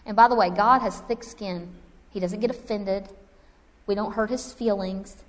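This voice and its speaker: A woman's voice: mid-range voice, normal speed. Woman preaching in a reverberant hall. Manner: animated, conversational preaching with asides to the audience. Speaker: Bible teacher. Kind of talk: sermon.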